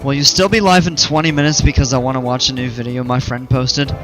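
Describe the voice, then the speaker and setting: A man's voice: mid-range voice, fairly even intonation, fast talker, fairly bright tone, faint music behind. A man casually commenting on a game during a live stream, chatting with viewers in an easygoing, rambling way.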